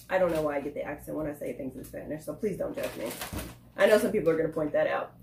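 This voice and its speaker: A woman's voice: sits low, expressive, brisk. Young woman, food vlogger, chatty and self-mocking; roomy echo, light background hiss. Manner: chatty, laughs often, pokes fun at herself. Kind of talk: casual chat. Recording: echoey room, faint noise.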